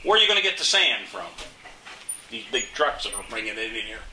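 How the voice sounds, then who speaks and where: An older man tells his stories in a folksy, indignant way, looping back over his words. His voice is bright and sharp. It was recorded in an echoey room with a faint hum behind it. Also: fairly low pitch, sing-song, brisk, distant mic. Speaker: interviewee, local resident. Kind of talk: casual storytelling interview.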